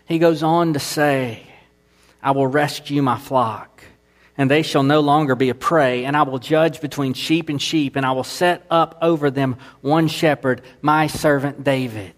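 Earnest preaching man, fairly high voice. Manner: earnest preaching, rising in emphatic repetition. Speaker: pastor. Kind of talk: sermon.

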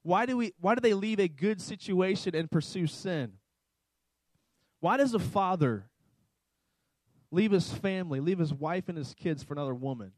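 Man, pastor, sermon, high voice, emphatic, repeats points, dry sound. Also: lively intonation, normal speed, long pauses, dry recording, rough recording. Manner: emphatic preaching, repeats key lines. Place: church service with slides.

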